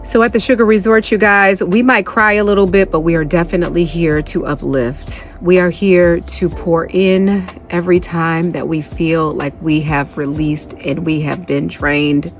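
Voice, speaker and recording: A young woman hosts her own podcast, speaking in a slightly low voice with a heartfelt, chatty warmth. She sounds emotional and close to tears as she talks straight to her listeners. Faint music plays softly behind her. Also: steady tone, normal speed, hardly any pauses. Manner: heartfelt, conversational, addresses listeners as y'all. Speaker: podcast host. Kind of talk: emotional personal podcast talk, then guided meditation.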